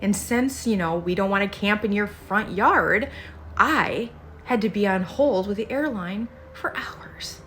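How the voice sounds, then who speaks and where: A woman's voice: medium pitch, a little slow, a bit bright, faint music behind, lightly acted. A woman voicing a self-pitying middle-aged mother who casts herself as the victim, in a whiny manner. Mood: aggrieved.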